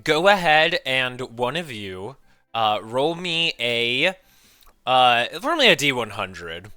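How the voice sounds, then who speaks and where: Guy running a tabletop game, super bright voice, bouncy pitch, lots of ums. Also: slow pace, smooth, no room sound, soft background music. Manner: lively, filler-heavy narration. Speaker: game master.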